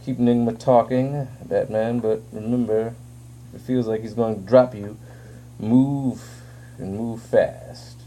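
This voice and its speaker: A man reading out a calm male tech expert's instructions in a plain, matter-of-fact way. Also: mid-range voice, a little slow, a little hiss or hum, close to an everyday voice. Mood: calm instructing.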